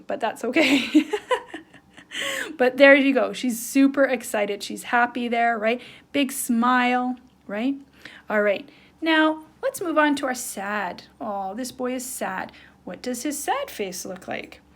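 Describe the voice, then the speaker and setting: A woman teacher giving an online lesson to young children, acting out faces and sounds, with many "right?" and "um" fillers. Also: a little high. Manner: animated, acts out facial expressions with sounds.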